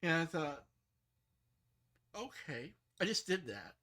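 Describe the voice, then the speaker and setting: A middle-aged man, a software developer, talking casually and rambling, frustrated, with many restarts and fillers. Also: on the high side, big pitch swings, takes it slowly. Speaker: software developer streaming his work.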